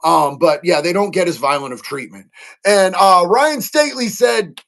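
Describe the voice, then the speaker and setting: Gravelly man, candid and profane. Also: high-pitched, animated, moderate pace, fairly bright tone. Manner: candid and profane, with frequent fillers and slang; earnest and heartfelt. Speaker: livestream host answering chat. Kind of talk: casual unscripted talk to viewers.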